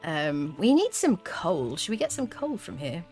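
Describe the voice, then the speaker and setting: A woman's voice: on the low side, big pitch swings, a little slow, darkish tone, soft background music. A woman streaming a game, chatting casually with her viewers and humming little tunes as she plays. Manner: chatty, talks to chat, hums little tunes. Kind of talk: casual live gameplay commentary.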